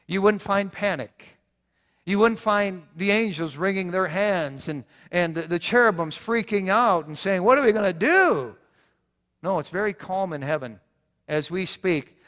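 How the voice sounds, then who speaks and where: A man's voice: a little high, fairly bright tone. A man preaching a sermon as pastor, earnest, repeating points for emphasis, often restarting his words. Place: church sanctuary. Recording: long church reverb.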